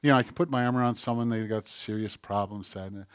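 A middle-aged man preaching a sermon, animated and self-mocking, firing off rhetorical questions. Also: mid-range voice, brisk, no room sound. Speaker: pastor.

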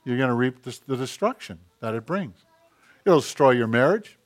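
A pastor preaches a sermon in an emphatic, direct style, dropping into hushed tones whenever he voices other people. His voice is medium-pitched and expressive, and his pace moderate.

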